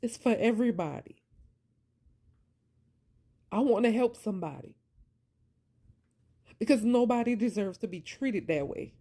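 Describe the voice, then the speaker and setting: On the high side and mellow, her expressive voice keeps a measured pace broken by long pauses. The vlogger delivers a heartfelt faith-based monologue about surviving abuse, preaching passionately, repeating herself for emphasis, and addressing listeners as "y'all." Her voice is wearing out and she's nearly in tears.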